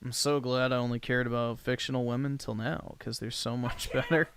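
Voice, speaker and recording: Fairly quick and a bit bright, this American man's mid-range voice shows little pitch movement as he hosts a livestream. He chats casually and answers comments in a blunt, crude, offhand way, with slight background noise.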